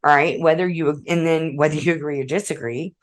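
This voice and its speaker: A woman's voice: low-pitched, fairly even intonation, brisk, rough recording. A woman hosting a relationship advice podcast, mixing read passages with blunt, profane asides and frequent "okay?" check-ins. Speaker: podcast host.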